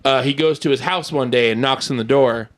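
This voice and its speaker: Man, podcast host, casual chat, rambling animated storytelling, mid-pitched voice. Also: a little fast.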